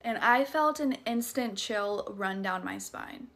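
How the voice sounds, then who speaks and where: A woman's voice: mid-range voice, expressive, takes it slowly, creaky, fairly bright tone. A woman with a Southern US accent telling a spooky personal story in a chatty, profane, dramatic way. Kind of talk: casual storytime vlog.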